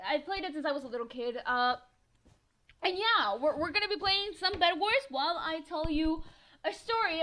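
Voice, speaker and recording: A teenage girl from northern Mexico, chatty and excitable, telling a story as a gaming voiceover, swearing freely and laughing often. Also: high-pitched. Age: teens. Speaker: gaming vlogger.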